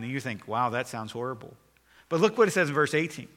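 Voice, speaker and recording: A man's voice: mid-range voice, big pitch swings, fast talker, fairly bright tone. A male pastor preaching a sermon, reading scripture aloud and building emphasis as he goes. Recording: long hall reverb.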